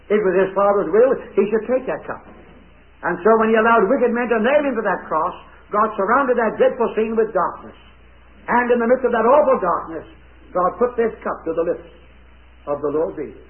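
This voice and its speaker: A man with a fairly high voice preaching an object-lesson sermon to children, emphatic and dramatic as he puts questions to the young listeners. The recording is thin and narrow, like an old recording heard over a telephone. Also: animated, moderate pace. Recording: tinny, phone-like old recording.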